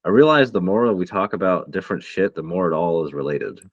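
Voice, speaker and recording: A man co-hosting a podcast in casual, profane, rambling chat that turns excitable. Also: low voice, a little fast, dry recording. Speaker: podcast co-host. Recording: dull lo-fi dry sound.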